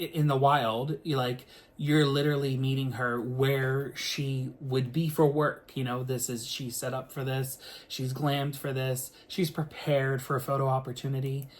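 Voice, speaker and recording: A man, a singer, telling a story to the camera in a casual, animated way, full of filler words and the odd swear word. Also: medium pitch.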